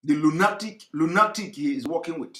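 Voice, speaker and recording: A high-pitched man delivers heated political commentary in a repetitive, fervent style. His bright, forceful voice swells into shouts. The echoey room gives it a hollow ring. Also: brisk.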